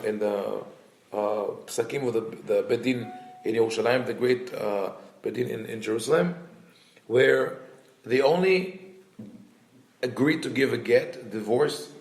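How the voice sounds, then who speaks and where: A man with a gravelly, rough edge to his mid-pitched voice, teaching as a rabbi. He retells an old story, thinking aloud with restarts and acting out each quote in a livelier voice. His voice rings in a roomy, echoey space. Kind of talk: talmudic story lesson.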